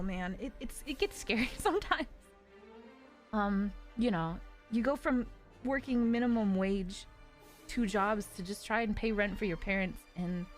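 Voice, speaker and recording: A streamer in her twenties with a somewhat high voice talks in casual live-stream chat. She comes across as earnest and confiding, using plenty of fillers.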